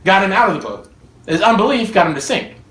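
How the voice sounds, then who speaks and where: An animated preacher in an echoey room. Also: mid-range voice, quick pace. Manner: animated, acts out quoted dialogue, laughs often. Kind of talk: sermon. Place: room with listeners. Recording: echoey room, mic at a distance.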